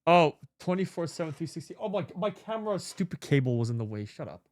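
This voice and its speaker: A male streamer chatting casually with viewers, excitable and swearing often with lots of exclamations. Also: a little high, fast. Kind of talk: casual live-stream chat.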